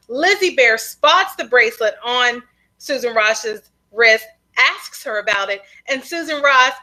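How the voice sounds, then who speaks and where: A woman co-hosting a recap show, her voice high and bright. She retells each scene with animated, playful storytelling and chatty asides. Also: a little slow, poor audio. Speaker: podcast co-host. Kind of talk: TV episode recap chat.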